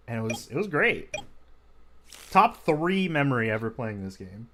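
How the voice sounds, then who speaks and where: A man's voice: mid-range voice, moderate pace. Man, card game commentator, laid-back chatty delivery, noisy stream audio. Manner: relaxed, chatty, lots of fillers. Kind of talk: casual play-by-play commentary.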